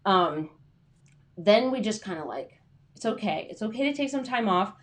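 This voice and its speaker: A young adult woman, a freelance writer, hosts a casual livestream in a mid-range voice. She sounds animated and keeps a moderate pace, chatting and rambling with plenty of filler words.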